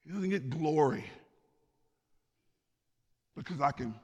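A man's voice: a little high, slow. A man preaching a sermon as pastor, speaking with passion and building to emphatic peaks. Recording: long hall reverb.

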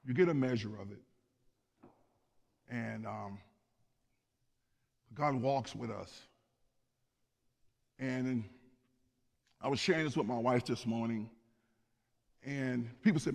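An impassioned male pastor delivering a sermon, his voice set at an ordinary middle pitch. He swells to emphatic, rising peaks and then drops back low and quiet. A long hall reverb trails after every phrase. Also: slow pace, gravelly, pauses often.

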